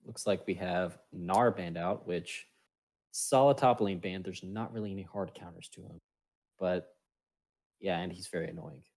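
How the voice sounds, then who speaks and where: A man's voice: low voice, normal speed, vocal fry, a little mellow. A man casting an amateur esports match in a casual, playful way, tossing in jokey quips. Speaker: esports caster.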